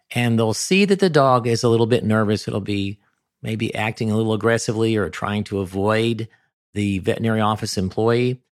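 A man's voice: fairly low pitch, dry recording. A man hosting a podcast, giving dog-training advice in an emphatic, sometimes ranting monologue into a close mic.

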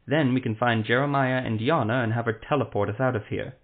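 A man's voice: mid-range voice, steady tone, brisk, close to an everyday voice. A man reading aloud, voicing a male sorcerer who heals a wounded friend and curses under pressure. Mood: tense. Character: anxious male sorcerer healer, cursing under strain. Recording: tinny phone-like lo-fi sound.

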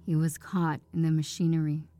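A woman reading the part of an uneasy male messenger, speaking in a low, hesitant, formal voice. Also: level tone, moderate pace, warm tone, lightly acted. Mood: hushed.

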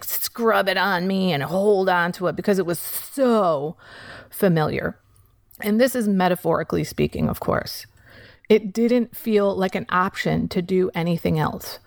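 A woman telling a personal recovery story in a candid monologue, swearing casually and shifting between quick recounting and slow emphasis. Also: fairly low pitch, no room sound, clean studio sound.

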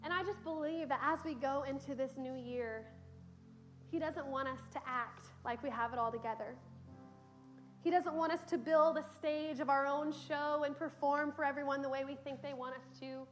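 Faint music plays behind a young woman preaching in a church sanctuary. Her high voice holds a steady tone at normal speed while she tells stories earnestly, full of conversational fillers.

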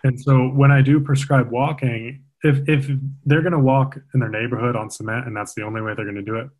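A man's voice: medium pitch, fairly even intonation, fairly quick, darkish tone, poor audio. A man who coaches athletes, explaining movement in an earnest, emphatic conversational way. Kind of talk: casual podcast conversation.

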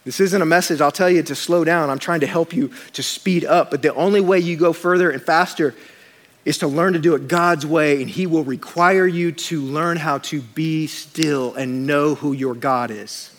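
Preaching in church at a moderate pace, a man with a slightly high voice weaves scripture together with humorous stories from his own life. As pastor, he tells them with humor and makes lively asides to the congregation.

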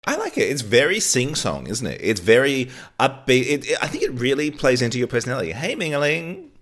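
A man co-hosting a casual podcast chat, trading teasing, quick-witted banter. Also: medium pitch, sing-song, a bit bright. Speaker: podcast co-host.

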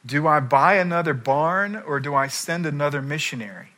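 A middle-aged man preaching a sermon as pastor, telling the story in a lively way and acting out the people he quotes. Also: fairly high pitch, normal speed. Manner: animated storytelling, acts out quoted voices.

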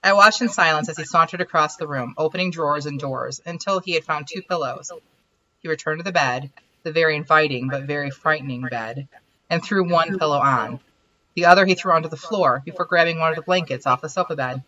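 A woman hosting a writers' podcast, reading her own fiction aloud and chatting in an animated, self-deprecating way. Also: low voice, fairly quick. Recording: dull, lo-fi sound.

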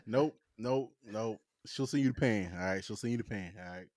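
A man's voice: fairly low pitch, normal speed, no room sound, studio quality. A man in casual chat, telling stories with lots of laughter and acting out what people said. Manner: animated storyteller, acts out quotes with laughs.

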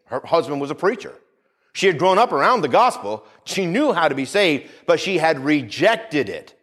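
Male preacher, mid-high voice that swings widely, fervent sermon delivery with amen call-outs. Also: sing-song, moderate pace, fairly bright tone.

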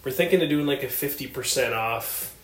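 Joking podcast co-host, roomy sound. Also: male voice, mid-range voice, a little fast. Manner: joking, deadpan banter. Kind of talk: casual chat. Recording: roomy with faint ambience.

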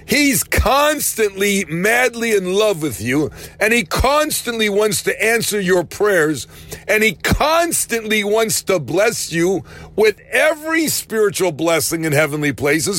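A man preaching a sermon in a fairly high voice that leaps up and down with feeling. He speaks slowly and deliberately, pressing on key words and rising to shouts. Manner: animated preaching, rising to shouts, slowing for emphasis.

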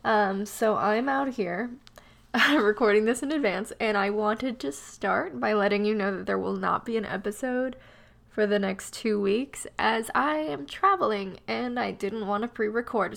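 A woman's voice: medium pitch, gravelly. A young woman hosting a podcast, chatting casually and joking at her own expense, her voice nasal and stuffed up from a cold. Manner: chatty and self-deprecating, laughs often. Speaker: podcast host. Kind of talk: casual solo podcast chat.

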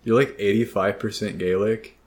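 Young american guy, lowish voice, rambly jokey podcast chat, acts out quotes. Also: steady tone, moderate pace. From United States. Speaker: podcast co-host. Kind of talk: casual chat.

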